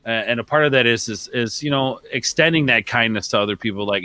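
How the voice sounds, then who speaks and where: A man's voice: mid-range voice, brisk, hardly any pauses, sharp tone, rough recording. A man in his thirties co-hosting a casual podcast, rambling along with lots of fillers and calling people man and bro. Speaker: podcast co-host.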